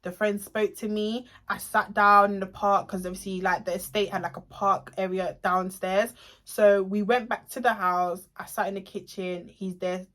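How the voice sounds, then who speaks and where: Bright-voiced young woman. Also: medium pitch, moderate pace. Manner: animated, emotional, swearing. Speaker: vlogger. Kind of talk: storytime vlog.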